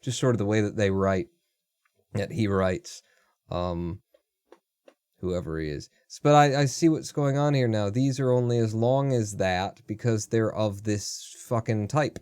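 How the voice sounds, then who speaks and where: A man hosting a live stream, thinking aloud as he codes, muttering and swearing in quick exasperated asides. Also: lowish voice, a little mellow, clean tone, dry recording, clean studio sound. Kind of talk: casual live coding commentary.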